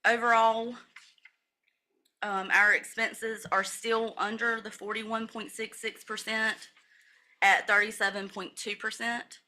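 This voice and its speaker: Brief: woman finance officer, bright voice, methodical reading of numbers at a public meeting. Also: on the high side, slow. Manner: methodical, steady recital of figures with brief self-corrections. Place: county commissioners' meeting room.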